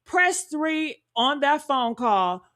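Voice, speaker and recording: A woman's voice: sits high, sing-song, slow pace, a bit bright. A woman hosting a true-crime commentary, talking straight to her viewers with emphatic rhetorical questions and calling them honey and y'all. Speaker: commentary host.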